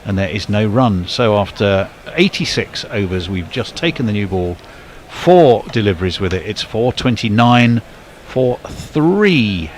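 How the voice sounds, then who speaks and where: A man giving ball-by-ball cricket commentary, measured and lifting on big shots, with faint background noise. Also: lowish voice, animated.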